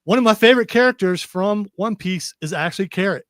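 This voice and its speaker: A man's voice: high voice, fairly quick, a bit bright, no room sound. A man hosting a radio talk show, rambling and chatty with lots of restarts, speaking into a studio microphone.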